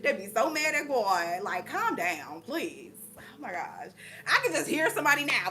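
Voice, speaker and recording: A woman's voice: fairly high pitch, sing-song, moderate pace, sharp tone, a little hiss or hum. A woman vlogger talking to her viewers in a casual, emphatic way, often laughing and repeating asides to them. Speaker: spiritual vlogger. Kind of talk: casual spiritual encouragement to viewers.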